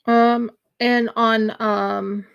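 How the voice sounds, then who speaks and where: Woman, craft livestream host, casual rambling chat, halting fillers, gravelly, unhurried. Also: a little high, little pitch movement, muffled recording. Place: home in winter.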